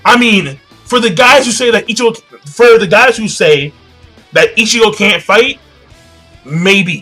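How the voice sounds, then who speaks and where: High, bright-voiced young man rambling. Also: measured pace, faint music behind. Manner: rambling, profane, repeats himself. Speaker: manga reviewer. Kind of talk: casual chapter recap.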